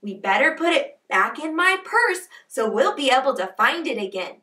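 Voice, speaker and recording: A woman hosting a preschool lesson, talking to toddlers in a bright, exaggerated, encouraging way and breaking into little sing-along chants. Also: sits high, sing-song, moderate pace, far from the mic. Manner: bright, exaggerated, encouraging kids-show delivery. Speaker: children's show host.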